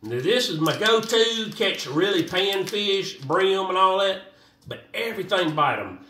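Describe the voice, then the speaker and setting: Male vlogger, high and lively, rambling casual delivery, echoey room, mic at a distance. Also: measured pace. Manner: rambling, animated, talks to viewers as y'all. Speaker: fishing vlogger. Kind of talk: casual how-to vlog. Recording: roomy echo, voice a bit off-mic, faint noise.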